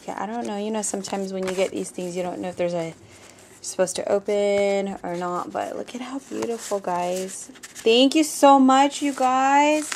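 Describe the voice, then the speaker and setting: A young adult woman unboxes a gift on her crafting vlog, gushing to her viewers, whom she calls "guys", and saying "oh my gosh" again and again in surprise. Her mid-range voice has a steady, dark tone at normal speed, with a little hiss or hum in the recording.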